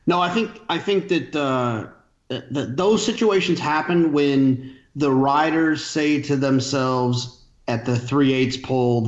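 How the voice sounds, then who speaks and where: Sarcastic racing pundit in an echoey room. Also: male voice, medium pitch, slow, lo-fi sound. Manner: dry sarcastic humor. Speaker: horse racing handicapper. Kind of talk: podcast panel discussion.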